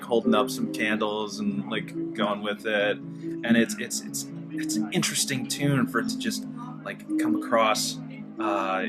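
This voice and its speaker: A man narrating as game master of a tabletop game, in a halting, rambling way. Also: fairly low pitch. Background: guitar music.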